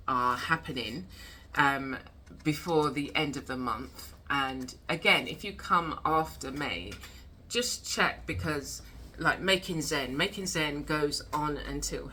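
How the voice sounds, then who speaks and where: A woman's voice: deep voice, takes it slowly, pushed and bright, slight background noise. A woman hosting a casual chat about creativity, reflective and chatty. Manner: reflective, chatty, laughs often. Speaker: host.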